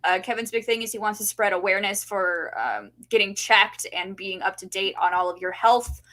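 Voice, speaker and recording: A woman's voice: mid-range voice, normal speed, fairly bright tone. A woman co-hosting a podcast in casual chat, bubbly and laughing often. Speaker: podcast co-host.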